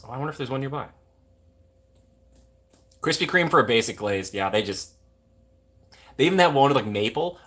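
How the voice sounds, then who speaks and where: A man's voice: mid-range voice, a bit bright, breathy edge. A young man from Minnesota, hosting a livestream, chatting casually and going off on jokey tangents while reading viewer comments. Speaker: livestream host.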